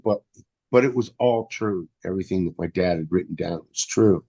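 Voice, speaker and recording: A man's voice: on the low side, moderate pace. Man, rambling, agreeable, lots of fillers, casual talk. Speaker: podcast co-host. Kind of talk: casual political chat.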